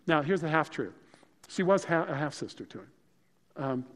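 A man's voice: on the high side, expressive, moderate pace, pauses often, a bit bright. A man preaching a sermon, telling personal stories in a conversational, humorous way. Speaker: pastor. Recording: long reverb of a large hall.

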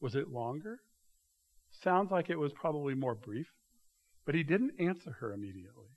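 A man preaching a sermon, walking his listeners through a passage with emphatic, animated storytelling. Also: a little high, moderate pace. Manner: animated, emphatic storytelling with rising bursts of loudness; directs listeners to mark passages in their notes. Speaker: pastor.

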